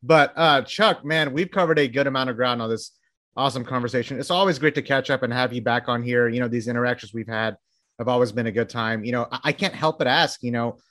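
A man's voice: mid-range voice, fast, a bit bright, no room sound, clean studio sound. A man hosting a podcast interview, enthusiastic and asking long, wordy questions. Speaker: podcast host. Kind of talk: casual interview chat.

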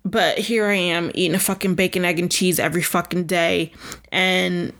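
A woman's voice: on the low side, fairly even intonation, normal speed, gravelly, fairly bright tone. A woman hosting a solo podcast, chatting in a rambling, profane, self-mocking way. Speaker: podcast host. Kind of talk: casual solo podcast chat.

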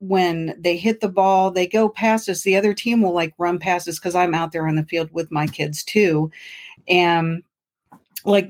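A woman co-hosting a podcast, chatting casually and telling stories with enthusiasm. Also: on the low side. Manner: enthusiastic, animated storyteller. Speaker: podcast co-host.

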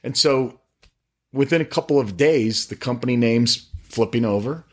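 A middle-aged man talking about faith on a podcast with eager, animated, preachy storytelling. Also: mid-range voice, normal speed. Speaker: podcast guest, faith-based business owner. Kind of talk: casual podcast conversation.

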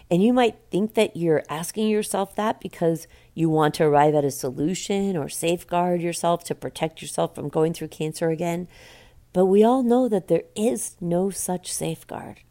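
A woman hosting a podcast, talking calmly in a coaching, reflective monologue. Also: on the low side. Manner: calm, coaching, speaks in quoted self-talk. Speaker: podcast host.

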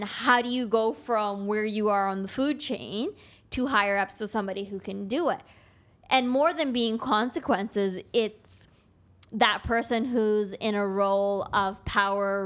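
A young woman guest on a podcast, a construction taper, talking bluntly and casually and acting out both sides of conversations as she tells stories. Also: medium pitch. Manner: blunt, animated storyteller acting out dialogue.

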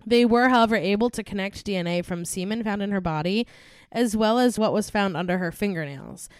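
A young woman talks briskly in a smooth mid-range voice, in a dry recording with clean studio sound. On her true crime podcast, she chats casually and giggles with her friend, then reads through a murder case's notes, laughing often.

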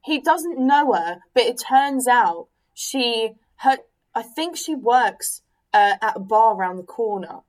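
A woman from England with a British accent talks casually as a guest, her voice sitting a little high. She swears freely and lets her statements lift upward at the end, like an easygoing bartender telling stories. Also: lively intonation, slow pace, low-quality recording. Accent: British English. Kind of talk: casual chat.

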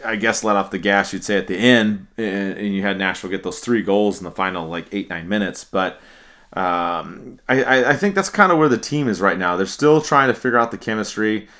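A man hosting a casual sports podcast, speaking in a relaxed way with frequent restarts and repeated words. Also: lowish voice, a little fast. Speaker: podcast host.

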